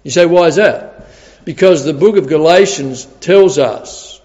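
A man's voice: on the high side, unhurried, darkish tone. A man preaching a sermon, earnest and emphatic, often repeating his key words. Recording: dull recording with long hall reverb.

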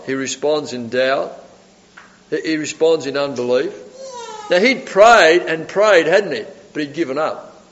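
A man's voice: mid-range voice, measured pace. A man preaching a sermon, telling Bible stories with animation and frequent chuckles. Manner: animated storytelling, chuckling often. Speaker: pastor. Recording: dull hall recording with long reverb.

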